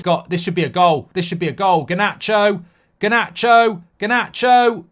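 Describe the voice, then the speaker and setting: Male reaction host, high lively voice, bright, swearing, shouting outbursts. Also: moderate pace. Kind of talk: live watch-along reaction.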